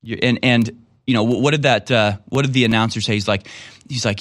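A man's voice: medium pitch, steady tone, brisk, fairly bright tone, no room sound, clean studio sound. A man giving casual commentary on a clip in a sarcastic, emphatic way.

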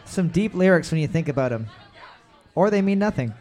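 A man hosting a trivia music round, calling out answers loudly and joking between questions. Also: fairly high pitch, animated, brisk, a faint crowd. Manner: loud repeated calls of "boards up", joking asides. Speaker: trivia host. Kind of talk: casual podcast banter, running a music round.

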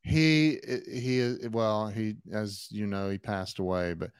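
Slow, smooth-voiced male host. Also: fairly low pitch, expressive, no room sound. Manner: short encouraging reactions, halting questions. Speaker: podcast host. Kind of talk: interview, casual chat.

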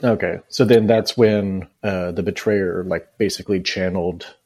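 A man's voice: low-pitched, steady tone, moderate pace, a little mellow, breathy edge, no room sound. A man on a casual book podcast, asking hesitant questions with many fillers. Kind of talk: casual book-club chat.

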